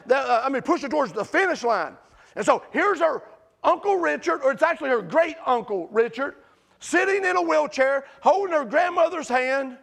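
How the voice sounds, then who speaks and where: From the pulpit, a pastor with a strikingly high, gravelly voice tells a story in a lively, conversational sermon style. His delivery is animated and swells into shouts at the peaks.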